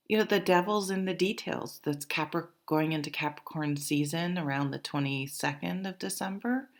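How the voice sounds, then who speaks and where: Low-voiced lady doing a tarot reading, stuffy from a cold, slow and rambly. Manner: rambling and thinking aloud, many fillers. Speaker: tarot reader.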